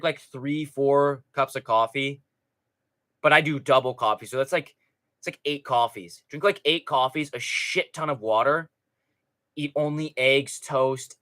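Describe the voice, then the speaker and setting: A man's voice: medium pitch, bright, forceful tone. A man hosting a live stream in casual, profane, rambling chat, reading out viewer comments. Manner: rambling, profane, chatty with frequent restarts.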